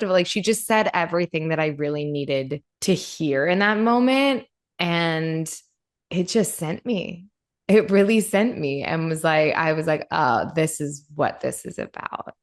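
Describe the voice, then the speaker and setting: A woman podcast host talks in a loose, candid chat, pitched a little low for a woman. She rambles freely and fills her talk with "like.". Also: moderate pace. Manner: candid, rambling, says "like" often. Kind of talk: casual chat.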